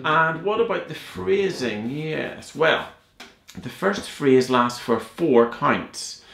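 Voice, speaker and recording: A man's voice: a little high, animated, slow, vocal fry, fairly bright tone, roomy sound. A man teaching a cello piece in a playful, joking, encouraging way. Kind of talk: music tutorial.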